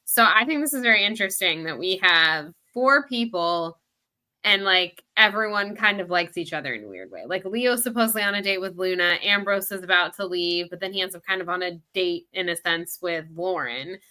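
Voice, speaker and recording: A woman's voice: on the low side, lively intonation, normal speed, pushed and bright. A woman co-hosting a podcast, casually picking apart a novel's characters and thinking aloud. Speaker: podcast co-host. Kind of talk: casual book discussion.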